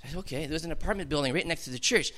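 A man tells his own testimony to a gathered congregation. His voice is bright and sits somewhat high for a man. He talks like a storyteller, with heavy emphasis that swells into fervent, forceful passages. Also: very fast. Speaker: testimony speaker.

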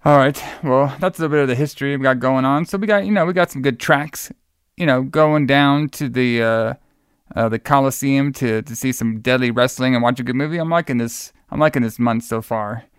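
Smooth-voiced man hosting a casual chat. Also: mid-range voice, a little fast, dry recording, clean studio sound. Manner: rambling, enthusiastic storyteller. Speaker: podcast host.

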